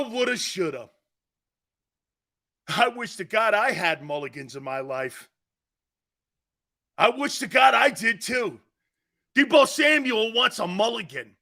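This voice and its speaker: Loud, mocking man ranting about sports. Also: high voice, vocal fry. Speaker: sports talk show host. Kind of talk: sports opinion rant.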